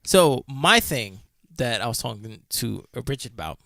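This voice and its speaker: A man's voice: mid-range voice, sing-song, unhurried, vocal fry, a bit bright, no room sound, clean studio sound. A man co-hosting a casual podcast chat, telling stories animatedly, laughing often and swearing casually. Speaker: podcast co-host.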